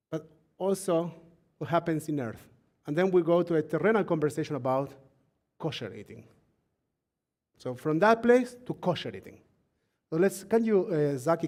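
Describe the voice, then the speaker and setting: A man leading a live-streamed Shabbat service, his voice sitting a little high. He teaches in a loose, talkative way, often laughing and asking the crew and congregation for attention. When he reads scripture, he slows down and lands on each phrase. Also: darkish tone. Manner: reads scripture slowly and deliberately.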